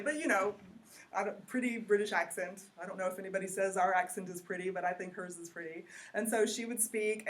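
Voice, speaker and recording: A woman teaches a college geography class. Her voice sits at an ordinary middle pitch, and she keeps the lecture loose and conversational, often turning questions back to the students.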